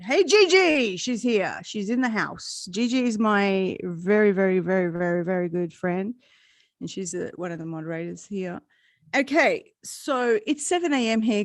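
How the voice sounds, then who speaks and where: A woman's voice: mid-range voice, dry recording, studio quality. A woman hosting a casual live-stream chat, rambling and laughing often. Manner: chatty, rambling, laughs a lot. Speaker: host.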